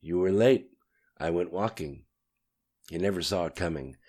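A man's voice: deep voice, moderate pace, warm tone. A man reading an audiobook, voicing a male federal agent who speaks firmly and insistently. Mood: urgent.

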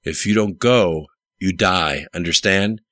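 A curt commander who barks short orders, voiced by a man reading aloud. He keeps the narrator's own very low voice, with a bright, forceful tone and a dry close sound. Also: unhurried, no room sound. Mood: commanding.

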